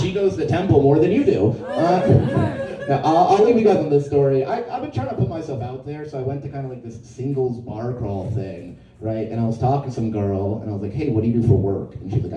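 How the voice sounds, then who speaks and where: A man doing a stand-up set, telling stories casually and dropping into lower voices to quote people. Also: reverberant, recorded from a distance, rough recording. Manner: conversational storytelling, quotes others in a lower voice. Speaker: stand-up comedian. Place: comedy venue with a live audience.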